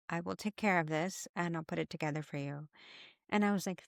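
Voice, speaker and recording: A middle-aged woman hosting a casual podcast, telling a story with animated energy and acting out her own past frustration. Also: lowish voice, fairly quick, dry recording, studio quality. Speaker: podcast host, health coach.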